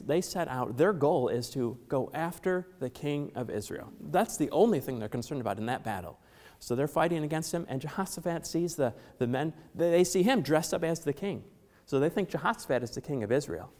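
A man preaching a sermon, retelling a Bible story and acting out the characters' lines in quick voices. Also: a little high, a little mellow. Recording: long hall reverb.

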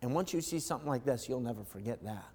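A male pastor preaching an animated sermon, swinging from quiet reflection to loud excitement. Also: mid-range voice, fast, breathy edge.

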